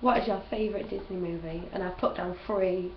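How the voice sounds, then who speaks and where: Fairly quick and mid-range, a young woman's voice bubbles through a casual vlog chat full of gushing answers and frequent laughter. The home recording is roomy, distant and dull, carrying a little hiss or hum.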